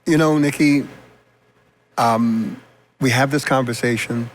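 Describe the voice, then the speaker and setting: A man hosting an interview, speaking in a measured, reflective way and giving brief affirmations. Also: mid-range voice. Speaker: talk show host.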